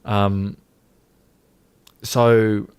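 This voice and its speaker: A man's voice: fairly low pitch, little pitch movement, extremely slow, darkish tone, clear, resonant tone. A young man hosting a casual livestream chat, rambling and mocking himself with frequent laughter. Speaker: livestream host.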